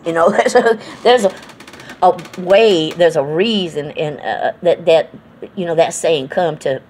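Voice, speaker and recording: An unhurried, lowish and slightly mellow voice belongs to a middle-aged New England woman vlogging about old memories, with slight background noise. Her rambling is folksy and filler-heavy, and her accent merges Southern and Northern American.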